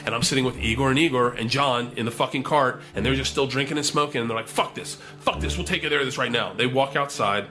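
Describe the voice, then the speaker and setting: A man's voice: medium pitch, fast, few pauses. A man telling a wild story in casual chat, swearing often and acting out the voices of the people in it. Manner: animated, swears a lot, acts out quotes. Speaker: storyteller guest. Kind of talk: profane comic storytelling.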